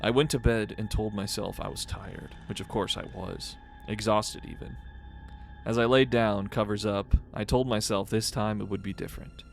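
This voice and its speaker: Man, low gravelly voice, podcast co-host, story reading, soft music underneath. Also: moderate pace. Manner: jokey, laughs often, flat reading voice for the story.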